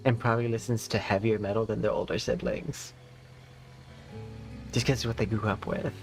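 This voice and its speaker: A man's voice: on the low side, flat delivery, normal speed, vocal fry, darkish tone, soft background music. A man with a lisp, talking in rambling, casual stream chat full of fillers as the host. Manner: rambling, filler-heavy, chatty.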